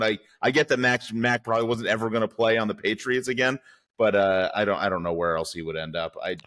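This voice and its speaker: A man's voice: on the low side, fairly bright tone. A man co-hosting a casual sports podcast, talking hesitantly with stammers and frequent laughs. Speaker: podcast co-host.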